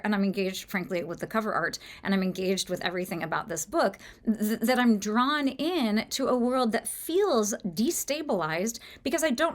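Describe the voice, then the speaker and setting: A woman talks through a novel she has read, thinking out loud as she goes. Her voice sits at an ordinary middle pitch, and her delivery is musing and unscripted, full of restarts and fillers. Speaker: book podcast host. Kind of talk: casual book discussion monologue.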